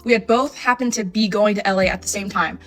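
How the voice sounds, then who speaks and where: A woman in her twenties telling a casual storytime, chatty and animated, acting out her own texts. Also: mid-range voice, quick pace, soft background music. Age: 20s. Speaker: storytime vlogger.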